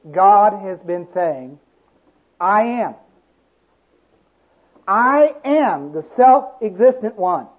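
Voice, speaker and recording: A man with a high-pitched voice preaches in an unhurried, deliberate cadence, leaning on repeated phrases for emphasis. The sound is thin and tinny, like an old sermon tape.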